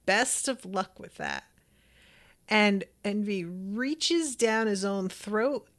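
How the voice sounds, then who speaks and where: A woman's voice: medium pitch, a bit bright. A woman hosting a podcast, chatting enthusiastically as she reacts to an episode and reads out listener comments. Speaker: podcast host.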